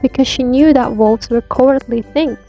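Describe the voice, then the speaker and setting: A woman's voice: sits high, faint music behind. Woman reading a fairy tale. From Indonesia. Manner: clear and measured for English learners. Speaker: storyteller. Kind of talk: scripted storybook narration. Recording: dull lo-fi audio.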